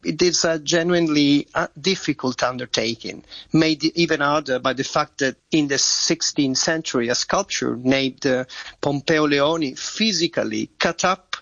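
Gravelly Italian man on a dull line. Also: a little high, normal speed, a bit bright, no echo. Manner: earnest, explanatory, some slips in English. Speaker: museum director, interview guest. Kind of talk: remote interview.

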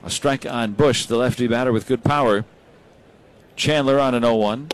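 A man calling baseball play by play, brisk and rising when big plays happen. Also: medium pitch. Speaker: play-by-play announcer.

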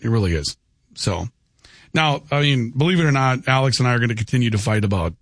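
A man hosting a call-in radio show, arguing his point in a stubborn, deadpan way. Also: mid-range voice, fast talker, dry recording. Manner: stubborn, argumentative, dry. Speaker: radio talk show host. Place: radio studio. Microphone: studio microphone.

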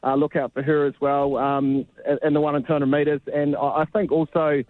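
A man's voice: a little high, little pitch movement, moderate pace, dry recording, phone-quality sound. A man, a sports reporter chatting casually on a radio show, laid-back and full of restarts. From New Zealand. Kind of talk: casual radio phone-in chat.

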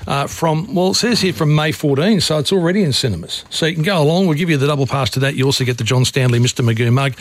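Husky-voiced Australian radio host. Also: male voice, fairly high pitch, no echo. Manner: rambling, with many fillers and restarts. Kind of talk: casual late-night radio talk.

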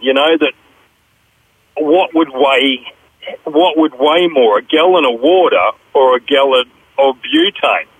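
Hesitant Aussie joke caller, husky and dry. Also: male voice, fairly high pitch, expressive, measured pace, long pauses, no echo, low-quality recording. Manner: hesitant, lots of ums. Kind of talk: phone-in joke telling.

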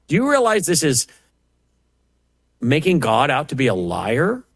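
A man's voice: fairly high pitch, wildly swooping pitch, measured pace, long pauses, husky, no echo. A man teaching the Bible verse by verse, preaching with passion and firing off rhetorical questions and mocking asides. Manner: impassioned, rising to emphatic preaching on scripture. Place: at a computer, typing up passages.

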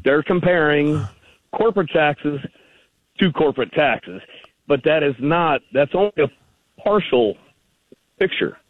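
A man's voice: a little high, animated, unhurried, pauses often, no echo. A man calling in to a radio show, pressing his argument persistently in loose, rambling sentences. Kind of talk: phone-in radio conversation. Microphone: telephone. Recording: tinny phone line.

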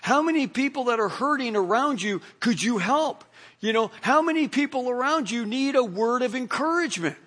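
A man's voice: very high voice, lively intonation, normal speed, fairly bright tone. A middle-aged male pastor preaching a sermon in a casual, conversational way, full of "you know" asides.

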